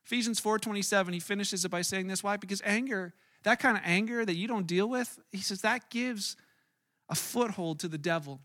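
A man's voice: high-pitched, a little fast, a bit bright. A male pastor giving a conversational sermon, earnest and casual, often restarting and adding asides.

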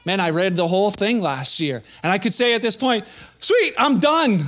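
A man's voice: sits high, lively intonation, brisk, fairly bright tone. A young man preaching a sermon in a casual, conversational way, with playful acted-out asides. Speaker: pastor.

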